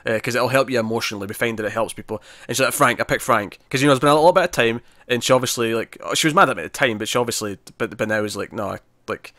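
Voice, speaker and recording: Male podcast co-host, casual recapper, mid-pitched, dry close sound, stumbling restarts. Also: racing, few pauses, no echo. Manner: animated recapping, acts out characters' lines; frequent restarts and repeated words. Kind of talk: casual review discussion.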